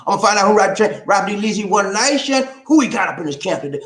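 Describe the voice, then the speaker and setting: Man, livestream host. Preachy, playful, chants rhyming lines; a bit high-pitched, recorded in an echoey room. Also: expressive, rapid-fire, hardly any pauses, fairly bright tone. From South Carolina. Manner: repeats "okay?" and "man" after points. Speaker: relationship advice livestream host. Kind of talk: casual livestream talk.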